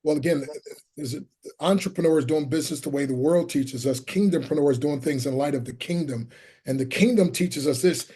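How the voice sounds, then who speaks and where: A man's voice: fairly high pitch, normal speed, mellow, husky. A middle-aged man, a motivational speaker and interview guest, who talks with fervent, preacherly emphasis and often quotes scripture. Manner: fervent, quotes scripture, calls the host "my friend". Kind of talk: preaching-style interview talk.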